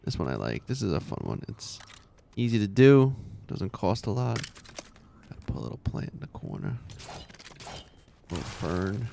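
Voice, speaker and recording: A man's voice: lowish voice, huge pitch swings, moderate pace, creaky, warm tone, slight background noise. A man in his thirties chatting casually while streaming a game, rambling, laughing often and muttering to himself.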